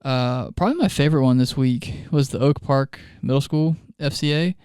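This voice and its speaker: Chatty man with a smooth, dry voice. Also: mid-range voice, normal speed, darkish tone, no room sound. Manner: chatty storyteller, laughs often mid-sentence. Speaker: youth ministry leader. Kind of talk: casual podcast chat.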